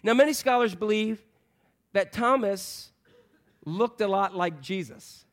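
A man preaching a sermon to a congregation in an animated, joking way, acting out voices of the people in the story. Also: sits high, a little slow. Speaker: pastor.

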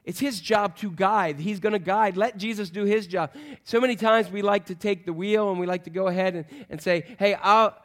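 A man in his fifties preaching a sermon as pastor, conversational and animated, acting out quoted voices. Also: sits high, brisk.

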